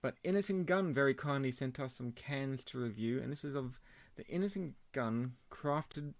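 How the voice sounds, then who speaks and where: A man co-hosting a beer podcast in casual chat, chatty and quick to laugh. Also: medium pitch, no room sound. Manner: chatty, laughs often, puts on joke accents. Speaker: podcast co-host.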